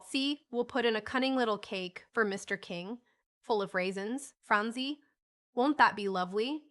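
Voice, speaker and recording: A woman's voice: a little high, moderate pace, fairly bright tone, natural voice. A woman voicing a kind, busy older sister who coaxes her siblings in a motherly, sometimes flustered way in a storybook reading. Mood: coaxing.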